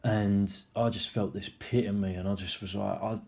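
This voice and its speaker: A man's voice: on the low side, fairly even intonation, normal speed, gravelly, a little mellow. A young man casually recapping a film, rambling, swearing freely and acting out the scenes. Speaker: film reviewer.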